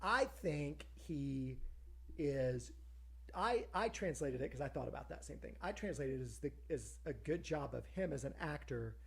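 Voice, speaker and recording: A woman co-hosting a podcast, chatting casually and giving quick, opinionated takes on a TV episode. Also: sits low, lively intonation, vocal fry, breathy edge. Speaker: podcast co-host. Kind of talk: casual chat reviewing a TV episode.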